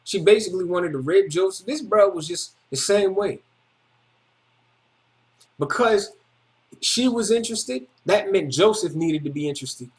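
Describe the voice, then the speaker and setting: A man with a notably high voice tells a personal story in casual street slang, repeating phrases for emphasis in an emphatic, testimony-video style. He's animated but a little slow, leaving long pauses.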